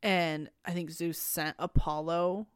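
A young woman co-hosting a podcast, chatting casually and emphatically about a book, quick to laugh. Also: on the low side, fairly even intonation, clear, resonant tone, no room sound, studio quality. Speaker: podcast co-host.

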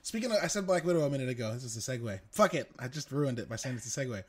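A man's voice: mid-range voice, animated, racing, over a noisy crowd. A man co-hosting a podcast in casual chat, telling stories animatedly and swearing freely. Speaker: podcast co-host.

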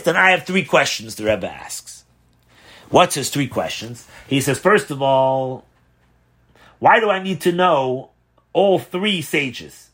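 A rabbi teaching a class on a religious text, posing questions and answering them in a conversational, animated way. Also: male voice, medium pitch, slow. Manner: asks rhetorical questions, animated emphasis. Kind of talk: Torah class explaining a text.

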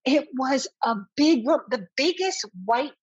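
A woman's voice: sits high, a little slow, husky, no echo, highs cut off. A woman in her fifties, a guest in an interview, earnestly retelling a personal experience and voicing her own words from back then. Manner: earnest, animated retelling with quoted dialogue. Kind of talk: emotional personal storytelling.

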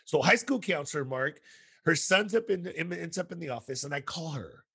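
A man's voice: on the high side, brisk, creaky, slightly rough. A man hosting a podcast, chatting casually with a guest and telling stories full of acted-out quotes. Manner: animated storytelling with quoted voices. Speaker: podcast host, school counselor.

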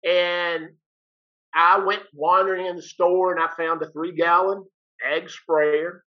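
A man's voice: high-pitched, flat delivery, slow pace. An older man, a retired teacher, telling a story in a folksy, plain-spoken way and acting out both sides of each exchange. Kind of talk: casual storytelling. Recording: dull lo-fi recording.

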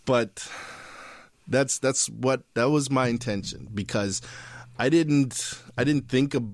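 A filmmaker speaking in an interview, thoughtful and halting, often restarting his sentences. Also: mid-range voice, dry recording. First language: not fluent in his heritage language. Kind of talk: interview conversation.

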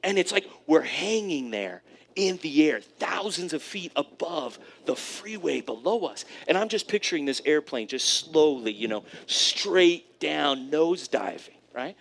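A man preaching a sermon, telling a personal story in an animated way, often checking in with "right?". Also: a little high, a little slow, vocal fry, slight background noise. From California, USA. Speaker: pastor.

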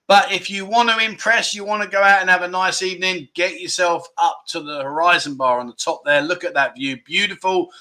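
Bright, jokey man hosting. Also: sits high, fairly even intonation, fairly quick, few pauses. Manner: jokey, banters with chat, lots of mate and no. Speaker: livestream host. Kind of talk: casual livestream chat reading viewer guesses.

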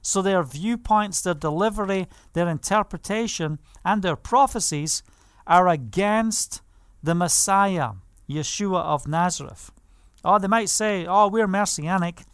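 A man's voice: high-pitched, unhurried, smooth, dry recording. A man preaching a sermon, reading scripture aloud and stressing points with frequent hallelujahs. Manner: emphatic, punctuates with hallelujah.

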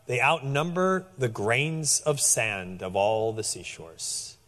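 A man preaching a sermon in a conversational, animated way, often restarting his phrases. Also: mid-range voice, slow pace, big-room sound. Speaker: pastor.

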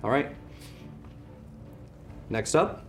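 A man running a tabletop game as game master, narrating with lively storytelling. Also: drawn-out words, faint music behind.

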